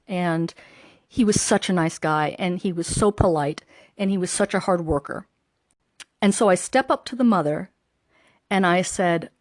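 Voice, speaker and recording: A woman's voice: medium pitch, darkish tone, no echo, clean studio sound. A woman vlogger telling a personal story to camera in an earnest, emotional way that chokes up at times.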